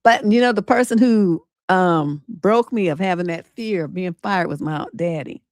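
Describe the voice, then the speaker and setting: A middle-aged woman, a relationship coach and livestream host, telling a personal story in a casual, animated way, acting out quotes with attitude and cursing freely. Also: fairly low pitch, normal speed, dry recording, studio quality. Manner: animated, sassy storytelling with acted-out quotes and swearing.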